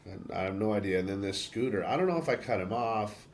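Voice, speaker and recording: A man's voice: lowish voice, animated, quick pace. An American man hosting a podcast, telling a travel story in casual chat and swearing freely. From United States. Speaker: podcast host.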